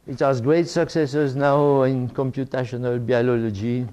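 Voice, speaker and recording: A man's voice: mid-range voice, flat delivery, warm tone. An older French man giving an academic talk in English, with many fillers and restarts. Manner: halting, with frequent fillers and restarts. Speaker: lecturer.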